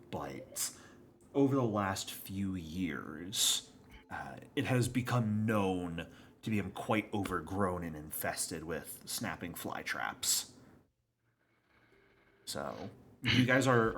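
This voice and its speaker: A man running a tabletop game as game master, describing the route and rules in an unhurried, descriptive way. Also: sits low, fairly bright tone, a little hiss or hum.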